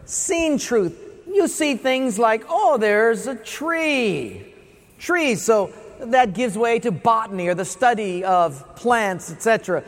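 A man's voice: high voice, expressive, unhurried. A man preaching a sermon in a church. He asks rhetorical questions and acts out little scenes in other voices. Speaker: pastor. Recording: long reverb of a large hall.

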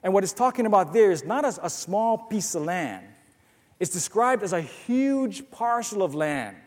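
A man's voice: sits high, darkish tone, big-room sound. A man preaching a sermon who reads scripture aloud and tells stories to make his point. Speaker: pastor.

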